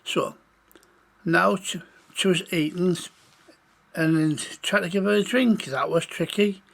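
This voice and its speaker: A man's voice: high-pitched, a bit bright. A man telling an improvised children's story in a meandering way. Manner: gravelly, slow and meandering.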